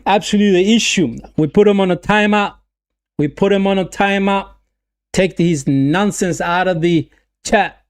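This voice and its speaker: A man giving live football watch-along commentary, getting excited at the play, repeating his phrases and reading chat messages aloud. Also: high-pitched, normal speed.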